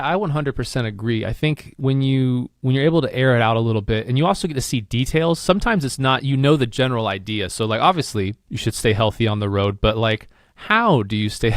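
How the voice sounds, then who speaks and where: A man's voice: medium pitch, no echo, studio quality. A man hosting a podcast interview, reflective, asking long, thought-out questions and agreeing with his guest. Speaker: podcast host. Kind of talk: casual interview conversation.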